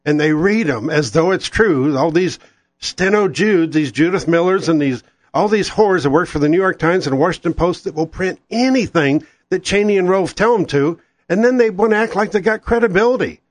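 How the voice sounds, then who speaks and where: A man's voice: high-pitched, animated, normal speed, no echo. A man hosting political talk radio, ranting angrily and sarcastically.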